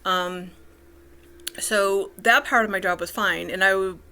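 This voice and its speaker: A woman vlogging about her life, speaking haltingly with many fillers and restarts. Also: medium pitch, steady tone, sharp tone. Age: middle-aged. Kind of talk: casual personal vlog.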